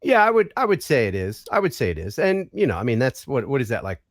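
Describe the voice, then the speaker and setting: A man's voice: mid-range voice, huge pitch swings, fast, no echo, studio quality. A man guesting on a live stream, joking playfully in casual chat over a video call. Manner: jokey, playful, mock-Australian quips.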